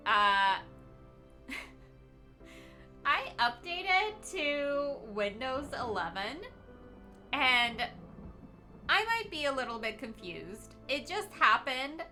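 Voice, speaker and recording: Young woman streamer, casual home-setup chat, slow rambling delivery, light music behind. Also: high voice, pushed and bright. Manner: chatty, bubbly, squeals greetings to viewers; tired and rambling.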